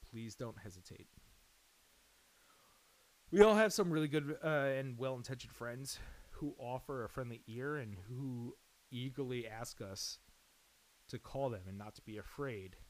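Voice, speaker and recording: A man of mid-range pitch reads a prepared message to his podcast audience. His delivery is earnest and caring, and he speaks plainly and sincerely. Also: moderate pace, low-quality recording. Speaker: podcast host. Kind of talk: scripted announcement.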